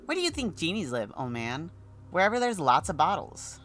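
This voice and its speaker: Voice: medium pitch, wildly swooping pitch, brisk, a bit bright, faint music behind, voice pushed up. A streamer voicing a bossy, mocking child guard who teases an adult and lists things in a sing-song way. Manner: teasing, sing-song listing.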